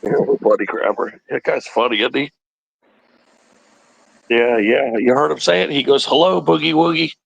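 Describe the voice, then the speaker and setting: A man's voice: mid-range voice, moderate pace, gravelly, pauses often, breathy edge, no echo, lo-fi sound. A man hosting a casual livestream chat, rambling and teasing with a chuckle. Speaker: livestream host.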